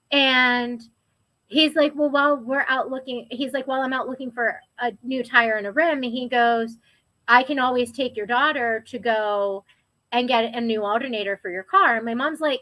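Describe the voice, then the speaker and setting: Young woman, higher voice with a bright edge, lively storytelling, dry close sound. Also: moderate pace, no room sound, poor audio. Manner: animated, quotes people in raised voices. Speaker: guest telling her life story. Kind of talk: casual storytelling.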